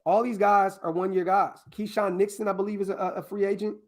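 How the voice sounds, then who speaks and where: A male podcast host in casual live-stream chat, excitable and profane, talking straight to his viewers as he works through a mock draft. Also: high voice, fairly quick.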